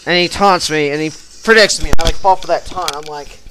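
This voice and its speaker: A young man giving excitable, slangy commentary over a recorded game battle, yelping his reactions. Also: fairly high pitch, a little fast. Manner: excitable, yelps reactions and swears. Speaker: gaming channel host. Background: faint metal music.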